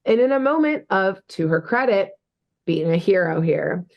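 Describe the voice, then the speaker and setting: A woman's voice: mid-range voice, animated, normal speed, muffled recording. A young woman co-hosting a podcast, recapping a cartoon episode in casual, chatty talk full of fillers and laughter. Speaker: podcast co-host.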